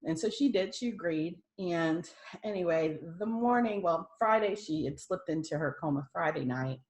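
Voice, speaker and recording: A middle-aged American woman sharing a heartfelt story on a podcast, with a voice that sits a little low for a woman. She talks earnestly, dropping soft for quiet moments and rising into laughing excitement. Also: normal speed. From United States. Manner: earnest, swings between hushed and laughing excitement. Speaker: podcast guest sharing a testimony. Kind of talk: emotional personal storytelling.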